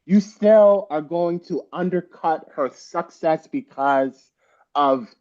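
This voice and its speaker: A man's voice: fairly high pitch, slow pace, a little mellow, dull audio. A man on a group video chat as a guest panelist, emphatic and repeating his points. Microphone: video call.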